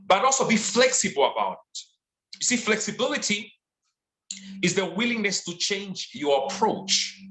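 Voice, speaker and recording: A man delivers a motivational sales training talk, hammering his points with emphatic repetition. His voice sits high and swings widely in pitch. The sound is roomy, with a clear echo. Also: bright, forceful tone. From Zambia. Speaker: sales and leadership trainer, guest speaker.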